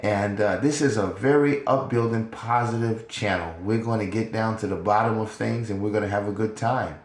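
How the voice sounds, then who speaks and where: An older man talking in a casual podcast monologue, profane and animated, laughing often between points. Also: lowish voice, normal speed. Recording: roomy echo.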